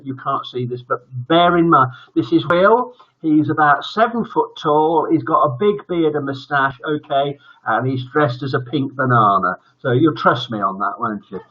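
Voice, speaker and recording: A man's voice: fairly high pitch, moderate pace, hardly any pauses, breathy edge, muffled recording. An older man hosting a live-streamed bedtime story show, chatting in a jokey, teasing way. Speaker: host.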